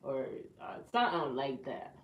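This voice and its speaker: A woman's voice: extremely low pitch, big pitch swings, moderate pace, recorded from a distance, dull audio, a crowd in the background. A woman co-host in a casual group chat, retelling a story in a rambling way with many ums. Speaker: podcast co-host. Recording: roomy sound from off-mic.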